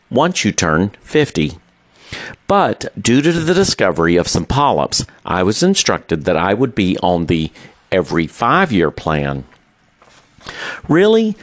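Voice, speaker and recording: A middle-aged man reads his personal diary aloud at a calm, unhurried pace. His voice sits fairly low yet moves with lively rises and falls. The sound is close and dry, with no room around it. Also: no echo. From Texas. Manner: measured, unhurried storytelling. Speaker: narrator. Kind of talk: scripted personal diary narration.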